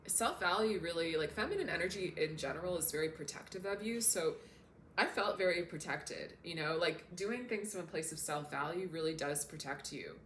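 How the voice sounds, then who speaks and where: Earnest low-voiced woman in echoey room. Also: lively intonation, brisk, a bit bright, slight background noise. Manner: earnest, openly emotional. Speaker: self-development coach. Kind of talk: casual talk to camera.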